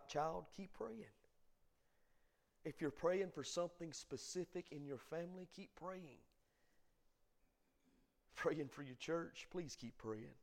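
Preaching man, hushed to booming. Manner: swings from hushed asides to loud emphatic preaching. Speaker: pastor. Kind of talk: sermon.

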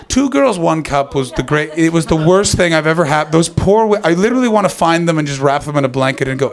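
A North American man hosting a comedy show, with a gravelly vocal fry running through his speech. He rambles through sarcastic, profane banter in a casual, mid-pitched voice. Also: expressive, fast. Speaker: comedy podcast host.

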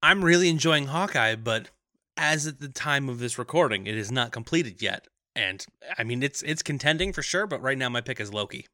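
A man's voice: mid-range voice, expressive, sharp tone, dry recording, clean studio sound. A man co-hosting a podcast, chatting casually with wry remarks. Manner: wry, quick to laugh. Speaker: podcast co-host. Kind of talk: casual chat.

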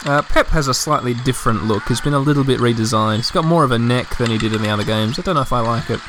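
A man's voice: mid-range voice, quick pace, background noise. A tired man hosting a casual let's play of a children's game. He rambles and jokes about himself, with lots of fillers and restarts. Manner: rambling, self-deprecating, full of fillers and restarts.

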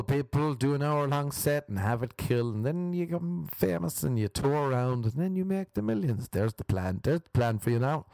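Young male stand-up comic, rambling and mocking, mellow fry-heavy voice. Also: on the low side, no room sound. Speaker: stand-up comedian. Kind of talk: stand-up comedy routine.

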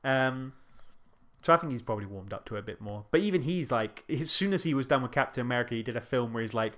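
A man's voice: mid-range voice, expressive, fast talker, fairly bright tone. A man co-hosting a podcast in wry, rambling casual chat. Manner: wry, rambling, laughs easily. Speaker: podcast co-host.

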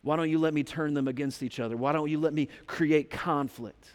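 A man's voice: fairly high pitch, steady tone, fairly quick, natural voice. A man, as a pastor, casually voicing a smug, scheming male devil in a sermon retelling.

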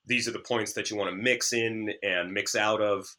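A man who works as a DJ, chatting as a podcast guest, animated and sarcastic, often stammering as he restarts sentences. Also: on the low side, normal speed. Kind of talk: casual chat.

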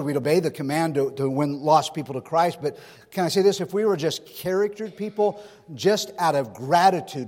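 A pastor from California preaches a sermon to his church, his high, darkish voice trailing a long hall echo. He shifts between homely stories and pointed rhetorical questions.

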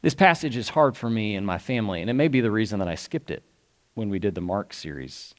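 A man's voice: lowish voice, animated, fast. A man, a pastor preaching a sermon in an earnest, conversational way and asking his listeners questions.

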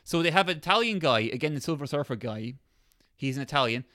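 A man's voice: mid-range voice, fast talker, dry recording, studio quality. A man in casual chat, animatedly retelling a film plot and acting out its characters. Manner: animated storyteller, acts out characters.

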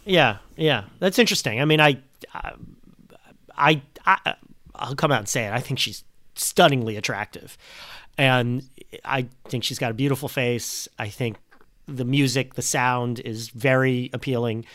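A man's voice: medium pitch, unhurried, a bit bright, no room sound. A man co-hosting a podcast in casual chat, building an opinionated argument at length. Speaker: podcast co-host.

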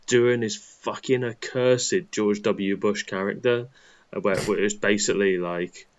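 A man's voice: lowish voice, fairly even intonation, a little slow, muffled recording. A man on a podcast, dry and sardonic in casual political chat.

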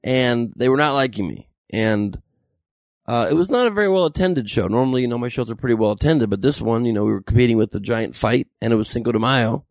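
A man's voice: mid-range voice, quick pace, no echo. A man, a comedian, telling a story casually and acting out the voices of the people in it. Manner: animated, acts out quoted voices.

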